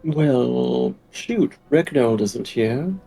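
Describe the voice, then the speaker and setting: A man playing a tabletop game, speaking in a mild, measured way. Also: mid-range voice, creaky, mellow, husky, soft background music, rough recording. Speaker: player. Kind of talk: casual tabletop play.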